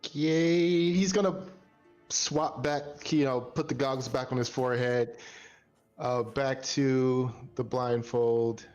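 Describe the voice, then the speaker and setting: A man's voice: mid-range voice, steady tone, slow, a little mellow, dull audio, faint music behind. A man playing a tabletop game in casual, laid-back talk. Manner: laid-back, drawn out, laughs often. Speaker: player.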